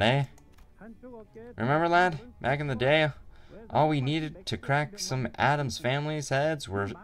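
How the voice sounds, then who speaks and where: A man voicing a rough, jovial older male gang boss who teases and shouts in slang. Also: mid-range voice, pitched above the performer's own voice. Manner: gruff, teasing, slangy.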